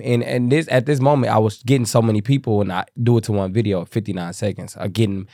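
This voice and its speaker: A young man from Kansas City, a guest telling profane, animated stories and acting out the people in them. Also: fairly low pitch, fast talker, hardly any pauses, no room sound, studio quality. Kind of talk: casual storytelling.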